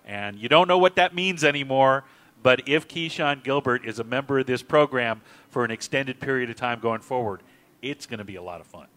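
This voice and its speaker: A man with a mid-range voice hosting a sports talk show. He recounts game plays in a measured, broadcaster's manner. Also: medium pitch, expressive, fairly bright tone. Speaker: show host.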